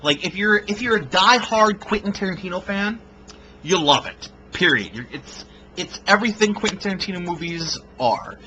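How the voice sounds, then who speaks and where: Bright-voiced blunt young man. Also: sits high, lively intonation, normal speed, a little hiss or hum, rough recording. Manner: blunt, profane, rambling with fillers. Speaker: film reviewer. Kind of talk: casual video review.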